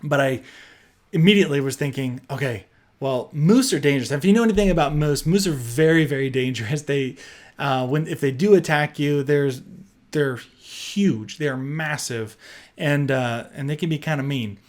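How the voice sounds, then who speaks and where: A young man with a slightly high voice tells a personal story in a loose, chatty way. He is animated and keeps dropping in fillers as he goes. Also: normal speed. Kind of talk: storytime narration.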